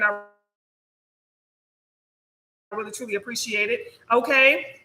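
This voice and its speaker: A woman's voice: high-pitched, moderate pace, pushed and bright, reverberant, poor audio. A woman hosting a spiritual livestream, chatting casually and often checking in with "okay?" and laughing.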